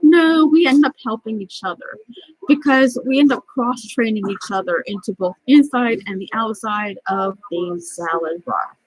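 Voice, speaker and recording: A middle-aged woman with a fairly high voice tells a story-time vlog in a rambling, furious way. She stays close to tears and trips over her restarts. The recording is dry and close. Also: moderate pace, no room sound, low-quality recording. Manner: rambling, angry and upset, restarts often. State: near tears. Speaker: vlogger.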